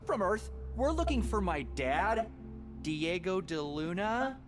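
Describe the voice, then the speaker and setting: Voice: medium pitch, very animated, slow pace, soft background music. An actor voicing a curious, eager boy adventurer in a game. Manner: eager, chatty.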